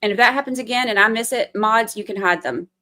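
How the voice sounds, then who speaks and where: A woman's voice: fairly high pitch, fast, bright, forceful tone. A woman, hosting a casual livestream and talking through a trial, firm one moment and chatty the next. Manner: firm scolding then chatty explaining. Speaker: livestream host giving trial commentary.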